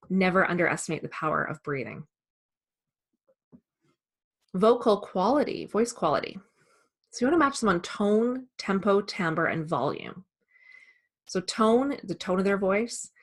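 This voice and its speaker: A woman who trains salespeople, giving a calm, measured instructional talk. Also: fairly low pitch. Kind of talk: instructional presentation.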